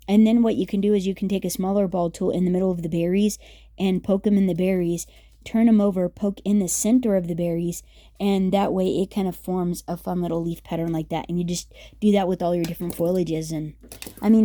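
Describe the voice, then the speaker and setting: A woman's voice: fairly low pitch, fairly even intonation, a little fast, mellow, dry recording, studio quality. A woman hosting a casual craft tutorial, chatty and upbeat with many fillers as she works. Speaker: craft video host.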